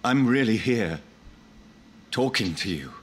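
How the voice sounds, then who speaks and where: A man's voice: lowish voice, expressive, breathy edge, exaggerated voice. A man playing a grave, sorrowful young vampire doctor in a video game. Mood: somber. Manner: measured, restrained, grave tone. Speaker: game protagonist. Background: game music.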